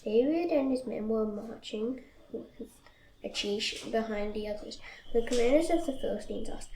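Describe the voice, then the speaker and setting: Woman reading scripture, gravelly voice. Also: fairly high pitch, normal speed. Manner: steady reading with slips and restarts. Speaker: Bible reader. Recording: echoey room, faint noise.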